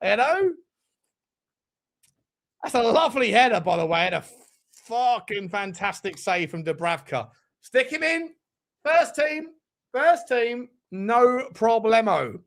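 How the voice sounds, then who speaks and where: Hosting a fan channel's live match watchalong, this man has a very high, fairly bright voice and is very animated, yet speaks slowly with frequent pauses. His chat is casual, peppered with swearing and laughter.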